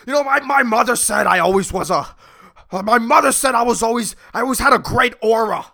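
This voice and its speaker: A man voicing a trembling male CEO who loudly pleads and protests, in a comic podcast bit. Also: very high-pitched, a little fast, vocal fry, voice pushed up, exaggerated voice. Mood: indignant. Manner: shouting, indignant pleading.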